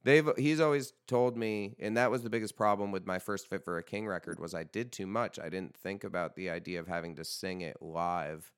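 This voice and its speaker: Deep-voiced rambling podcast host. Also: male voice, fairly even intonation, a little fast, hardly any pauses, clear, resonant tone, dry recording, clean studio sound. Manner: rambling, profane, joking. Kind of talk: casual chat.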